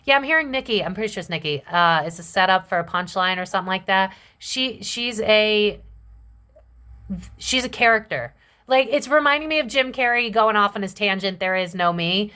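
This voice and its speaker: A woman's voice: medium pitch, moderate pace, sharp tone. Young woman, tarot reader, chatty and blunt delivery, casual slang, mid-range voice. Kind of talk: casual tarot reading to camera.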